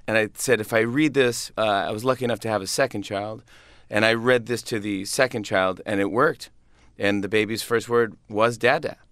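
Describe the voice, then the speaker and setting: A man's voice: on the low side, normal speed, a bit bright, dry recording, studio quality. A comedian in his thirties chatting in an interview, upbeat and rambling with many restarts and laughs. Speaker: comedian guest. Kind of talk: casual interview chat.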